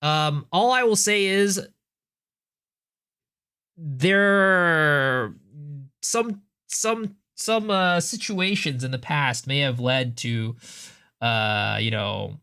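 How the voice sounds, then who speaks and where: A man's voice: a little high, extremely slow, long pauses, sharp tone, clear, resonant tone. A man streaming live, chatting casually and thinking aloud as he answers viewer questions, with frequent restarts.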